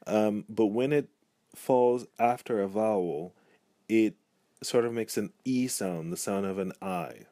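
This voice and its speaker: A man's voice: fairly low pitch, measured pace, darkish tone, no echo. A man giving a pronunciation lesson, speaking patiently and repeating each example word. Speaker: language teacher. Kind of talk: pronunciation tutorial.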